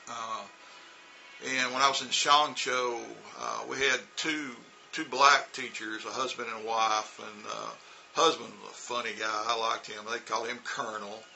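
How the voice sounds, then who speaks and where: A man's voice: mid-range voice, steady tone, normal speed, gravelly, sharp tone, a little hiss or hum, rough recording. A man casually telling stories about teaching, rambling with many fillers and restarts. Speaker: vlogger recounting teaching in China. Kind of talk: casual storytelling.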